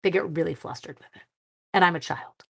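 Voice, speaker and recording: A middle-aged woman hosting a casual live craft class, chatty and quick to laugh at herself. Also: fairly low pitch, steady tone, vocal fry, a bit bright.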